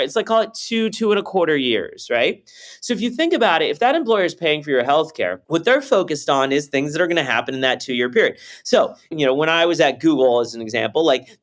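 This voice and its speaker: Founder guest, male, a fairly high voice that swings widely in pitch, casual swearing storyteller. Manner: animated storytelling, acts out quotes, swears freely. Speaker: startup founder, podcast guest. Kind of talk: casual conversational explaining.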